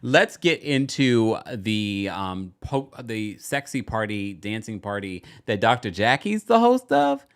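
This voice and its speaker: Animated man chatting through a show recap. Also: takes it slowly, hardly any pauses, clear, resonant tone. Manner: animated, chatty, slips into quoting people in exaggerated high voices. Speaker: podcast host recapping a reality show. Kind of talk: casual livestream recap commentary.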